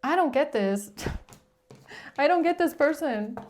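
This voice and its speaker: A woman's voice: sits high, animated, takes it slowly, a little mellow. A woman giving a casual tarot reading, speaking bluntly and with exasperation, swearing freely and rambling through restarts. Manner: rambling, with frequent restarts and filler "like". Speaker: tarot reader.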